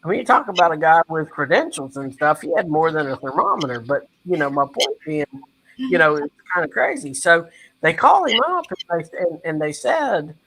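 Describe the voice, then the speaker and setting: Bright, forceful storytelling man. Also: a little high, moderate pace, low-quality recording. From West Virginia. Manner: animated, acts out quoted dialogue; earnest, addresses the host by name. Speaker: interview guest. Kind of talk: storytelling interview.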